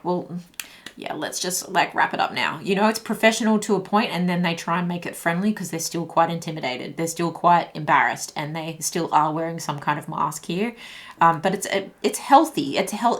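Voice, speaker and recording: A woman's voice: on the low side, normal speed. A woman giving a tarot reading to her viewers, chatty and thinking aloud, with lots of fillers and restarts. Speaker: tarot reader. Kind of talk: intuitive tarot reading to camera.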